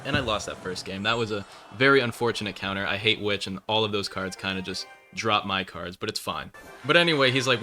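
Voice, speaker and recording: A young man talks over his own gameplay, drifting between a long story and angry outbursts at his opponents. His voice has a very bright, tense edge. Faint music plays under the recording. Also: mid-range voice, a little fast. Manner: rambling, swears and rants at opponents. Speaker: gaming channel host. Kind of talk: casual gameplay commentary with storytelling.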